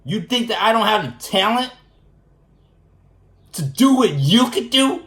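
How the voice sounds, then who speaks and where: Animated, indignant man in an echoey room. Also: high-pitched, a little slow. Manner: animated and indignant, repeats phrases for emphasis. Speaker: vlogger. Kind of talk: casual storytelling rant.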